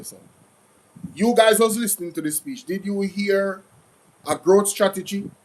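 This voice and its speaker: A Jamaican man hosting a casual commentary show, talking in an animated, repetitive, mocking way. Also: high voice, poor audio. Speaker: commentary channel host.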